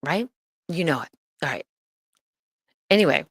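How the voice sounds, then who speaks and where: A woman's voice: deep voice, animated, unhurried, husky, dry recording. A woman hosting her own livestream, ranting in a profane, heated and indignant way. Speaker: livestream host.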